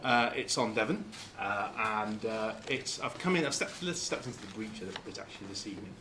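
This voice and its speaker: A man from Lancashire giving an informal talk to a club, halting and full of fillers and restarts. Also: lowish voice, lively intonation, background noise. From Lancashire, England. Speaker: guest speaker.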